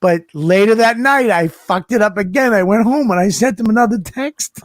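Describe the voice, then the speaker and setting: A man telling a road story in casual chat, profane and animated, acting out the people he quotes. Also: high-pitched, normal speed, dry recording, studio quality. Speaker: comedian guest.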